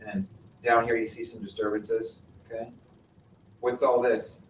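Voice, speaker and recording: This man, a mountaineering instructor, gives a glacier lecture in a classroom, testing students with questions and patiently clarifying. He talks at a measured pace in a low, flat voice. The audio sounds roomy and distant, with faint noise.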